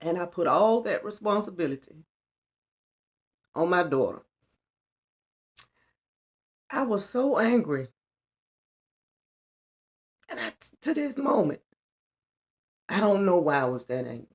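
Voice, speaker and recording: A woman's voice: on the low side, very animated, slow pace, long pauses. A middle-aged woman giving an earnest, colloquial personal testimony on a spiritual vlog, repeating lines for emphasis. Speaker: spiritual vlogger.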